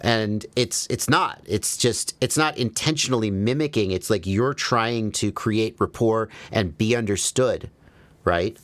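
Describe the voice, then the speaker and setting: Casting: low-voiced American man, relaxed stream host, dry close mic, lively storyteller. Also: measured pace, no echo. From American South. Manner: animated storyteller, jumps high on quoted asides. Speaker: livestream host. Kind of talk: casual livestream chat.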